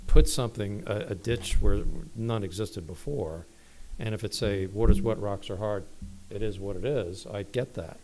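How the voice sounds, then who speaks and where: A middle-aged man speaking as a resident at public comment in a council meeting, halting and upset, restarting often. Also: on the low side, dark tone, a little hiss or hum, low-quality recording.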